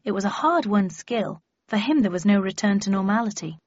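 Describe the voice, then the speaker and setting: Brief: husky woman, first-person audiobook narration, dry close mic, dull sound. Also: medium pitch, brisk, dry recording. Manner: steady storytelling reading.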